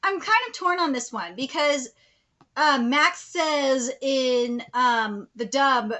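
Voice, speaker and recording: A woman streaming a casual live reaction, frank and swearing, laughing often, swinging from muttered asides to loud exclaiming. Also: high voice, slow.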